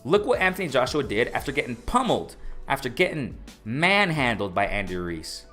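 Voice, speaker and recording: A man hosting a casual boxing livestream, reading chat aloud and repeating himself with excitement. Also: medium pitch, moderate pace, soft background music. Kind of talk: casual live-stream commentary.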